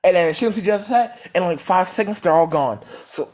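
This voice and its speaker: Low voiced woman rambling thru a fan story, lots of likes and ums, swears a bunch. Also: animated, brisk, a little mellow. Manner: rambling, filler-heavy, cursing, laughing. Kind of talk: casual fan-story retelling.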